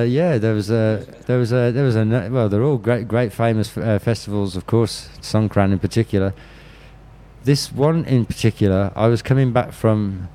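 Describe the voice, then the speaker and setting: A man's voice: on the low side, warm tone. Blunt, swearing Birmingham man. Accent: Birmingham English. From Birmingham, England. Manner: blunt and profane, restarts often. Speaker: interview guest. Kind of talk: candid storytelling.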